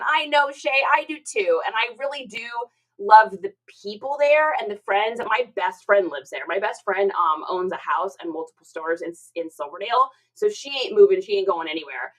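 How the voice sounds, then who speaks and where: A middle-aged woman hosting a casual live stream, chatting and reading out viewer comments in an expressive way, with many fillers and repeated words. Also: mid-range voice, poor audio.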